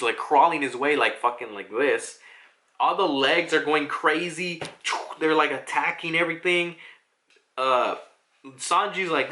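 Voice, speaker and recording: A man casually reviewing a manga chapter, rambling, excitable and profane. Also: a little high, moderate pace.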